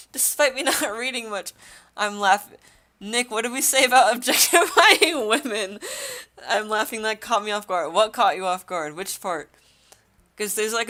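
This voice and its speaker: A chatty young woman livestreaming a game, with a bright, lively voice that swings up and down as she laughs along with her chat. Her pitch sits a bit high, and her delivery is loose and casual. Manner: chatty, giggly, reacting to chat. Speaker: streamer.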